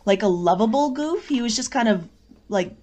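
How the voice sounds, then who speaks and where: A woman guest on a podcast, chatting casually about a film, animated and saying "like" often. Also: on the high side, moderate pace. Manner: animated, says 'like' often, acts out lines. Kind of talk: casual movie review chat.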